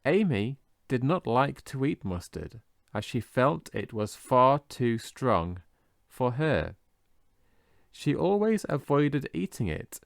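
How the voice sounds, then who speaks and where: A man teaching English vocabulary in a scripted lesson, slowly and carefully modelling how each word is pronounced. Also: medium pitch, gravelly, no echo, clean studio sound. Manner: slow, careful modelling of pronunciation.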